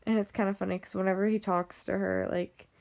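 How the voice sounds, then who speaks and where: Talking briskly in a flat, creaky, mid-range voice that's a little mellow, this young Western American woman rambles about her family in a casual vlog. She leans heavily on "like" and keeps restarting, with a General American accent.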